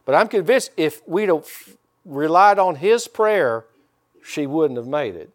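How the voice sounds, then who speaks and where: A man's voice: fairly high pitch, animated, a little slow. A man preaching a conversational sermon and talking directly to his congregation. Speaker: pastor.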